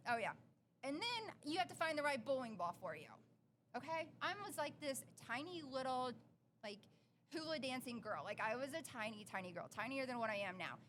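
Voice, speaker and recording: A woman's voice: sits high, fairly quick, a little hiss or hum. A young adult woman co-hosting a podcast, telling a story in casual chat and acting out the quotes. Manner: animated, acts out quotes. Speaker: podcast co-host.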